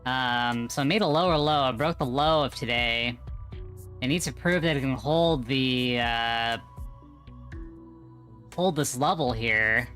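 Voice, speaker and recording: A man's voice: mid-range voice, a little slow, long pauses, fairly bright tone, faint music behind. A man streaming live, rambling offhand about his trades.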